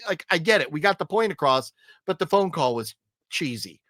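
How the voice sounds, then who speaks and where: Man, movie review host, animated, profane, high-ish voice, dry close sound. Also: fairly quick, no echo. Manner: animated, profane, acts out scenes in mocking voices. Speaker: film reviewer, podcast host. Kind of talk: casual movie review chat.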